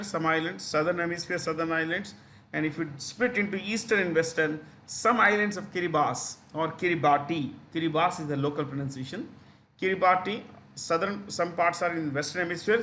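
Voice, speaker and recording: A male teacher with an Indian English accent gives an exam-prep lecture, explaining step by step with many fillers and repeated key terms. His voice is fairly high and a bit bright, with a little hiss or hum in the recording.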